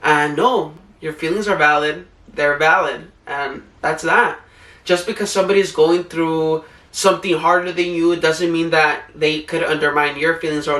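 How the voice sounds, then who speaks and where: A man's voice: on the high side, steady tone, moderate pace, pushed and bright, reverberant, recorded from a distance. A young man vlogging about coping, talking in an earnest, rambling way with many "like" fillers. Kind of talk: casual heartfelt advice talk.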